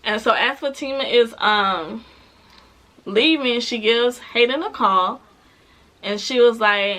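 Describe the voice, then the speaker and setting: Bright-voiced chatty woman recapping a show. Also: a little high, takes it slowly. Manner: chatty and animated, with laughs and acted-out quotes. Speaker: TV show reviewer. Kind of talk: casual recap vlog.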